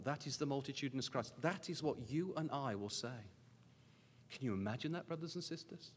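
A man preaching a sermon as a Bible school teacher, earnestly urging his listeners with repeated questions, moving between hushed low scripture reading and raised emphatic exhortation. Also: animated, fairly quick, husky. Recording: hall with long reverb.

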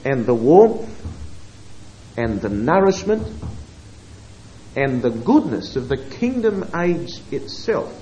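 A man preaching a sermon, moving between quiet asides and emphatic, drawn-out scripture quotations. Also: mid-range voice, slight background noise, poor audio. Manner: expressive, swings between hushed asides and emphatic quoting.

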